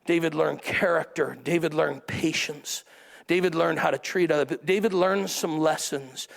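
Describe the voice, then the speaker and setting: A man's voice: on the high side, fairly even intonation, normal speed, gravelly, in a large hall. A middle-aged man preaching a sermon to a church congregation, with a chatty style full of asides that calls on the crowd to answer. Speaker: pastor. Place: church service before a congregation.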